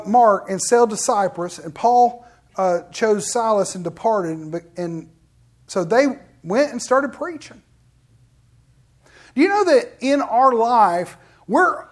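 A middle-aged man, a pastor telling personal stories in an animated sermon and acting out quoted voices. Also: very high-pitched. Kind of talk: storytelling sermon.

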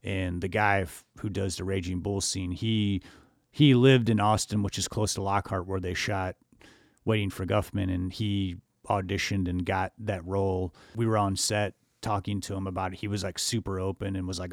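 A man's voice: sits low, flat delivery, moderate pace, no echo, studio quality. A man co-hosting a podcast, telling stories in a rambling, chatty way with many fillers. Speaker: podcast co-host. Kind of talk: casual chat.

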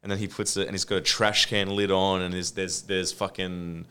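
A podcast co-host in casual chat, animated and often laughing as he tells a story. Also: low voice, normal speed, clean tone.

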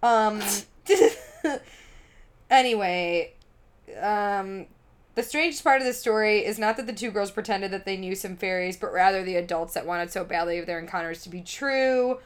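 A woman's voice: mid-range voice, unhurried, clear, resonant tone. A woman co-hosting a podcast, casually retelling a story with lots of swearing, fillers and laughter. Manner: profane, giggly, rambling storyteller. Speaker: podcast co-host.

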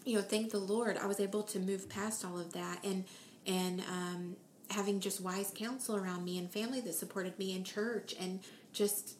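An earnest woman in her thirties recounts her faith journey in a conversational way. She slips into quoted voices with feeling. The room has a noticeable echo and faint background hiss. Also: mid-range voice. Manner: earnest, emotional storytelling with animated quoted voices. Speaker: guest sharing her testimony.

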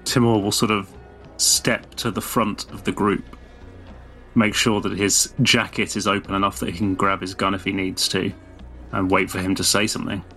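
A man playing a tabletop game, speaking calmly and bluntly in and out of character. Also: low voice, soft background music. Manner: calm, deliberate and blunt in character. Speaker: player. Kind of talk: tabletop role-play, in and out of character.

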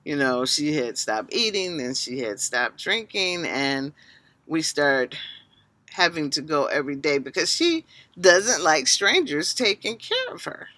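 A middle-aged woman co-hosting a casual podcast, an animated storyteller who swings between loud and soft. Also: deep voice, measured pace, dry recording. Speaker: podcast co-host.

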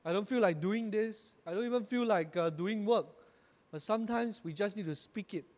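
Man, pastor, sermon, high voice, emphatic preaching, long church-hall reverb. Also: moderate pace, darkish tone. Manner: preaching with rising emphatic bursts; calls the congregation to repeat after him.

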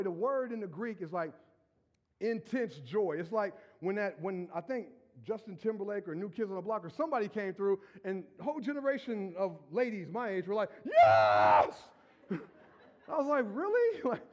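A middle-aged man preaching to his church in a strikingly high voice. His pitch leaps and swoops constantly as he jokes, acts out little scenes and breaks into shouts. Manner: animated, joking, acts out quotes and shouts. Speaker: pastor. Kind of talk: lively sermon.

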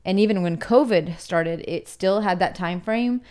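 Woman, podcast co-host, easygoing chat, smooth voice, lowish pitch. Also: a little slow, a little mellow. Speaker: podcast co-host, furniture buyer for clients. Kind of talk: casual chat. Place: office podcast setup.

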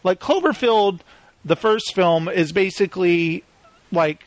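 A man hosting a casual movie chat, rambling with lots of "like" fillers and quick to laugh. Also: high voice, dry recording.

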